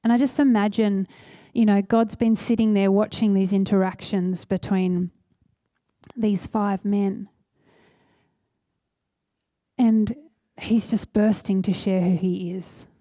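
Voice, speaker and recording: A woman's voice: medium pitch, fairly even intonation, takes it slowly, dark tone, no room sound. A woman preaching a sermon in a church, telling a story earnestly and acting out the voices she quotes.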